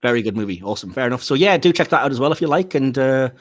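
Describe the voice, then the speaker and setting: A man's voice: medium pitch, lively intonation, very fast. A man hosting a casual film podcast, chatting freely, laughing often and trailing off with fillers. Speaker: podcast host.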